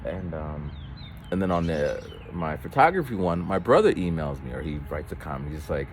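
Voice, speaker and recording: A man's voice: a bass voice, sing-song, moderate pace, a little hiss or hum. A man telling a rambling story while walking outdoors, with false starts and quoted voices of other people. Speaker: vlogger. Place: outdoors on a street.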